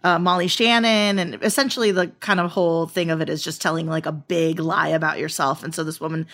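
A woman's voice: low-pitched, fairly even intonation, fairly quick, fairly bright tone. A woman co-hosting a podcast in casual chat, laughing often and teasing the others.

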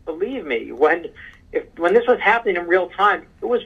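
A man being interviewed as an author, telling an animated story in casual conversation. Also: high voice, moderate pace, vocal fry, breathy edge. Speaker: author guest. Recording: muffled phone-line sound.

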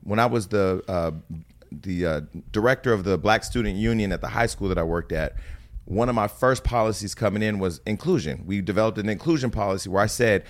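A man co-hosting a casual talk show, telling stories in an emphatic, animated way. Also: lowish voice, fairly quick. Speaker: podcast co-host. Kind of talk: casual chat.

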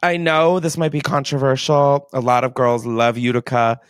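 A man's voice: mid-range voice, flat delivery, moderate pace, clean tone, dry recording, clean studio sound. Giggly emotional male podcast host. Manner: emotional, giggly, swears casually. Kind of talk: casual podcast chat. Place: basement.

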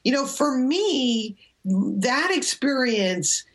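A middle-aged woman, an interview guest, telling stories in an animated, chatty way and slipping into quick impressions. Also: high voice. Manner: animated anecdotal storytelling with impressions. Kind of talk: storytelling chat.

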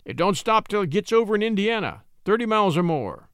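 A man voicing a blustering small-town deputy in a story reading, gruff at first and easily cowed. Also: sits high, very animated, fairly quick, fairly bright tone, no room sound, studio quality, pitched above the performer's own voice. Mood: frightened. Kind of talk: audiobook character voice.

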